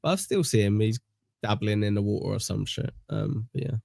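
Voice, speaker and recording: A British man hosts a casual podcast chat, rambling along with plenty of fillers and self-deprecating asides. His voice sits low and gravelly. The sound is dry and close to the mic. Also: fairly quick, darkish tone, dry recording. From England. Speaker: podcast host.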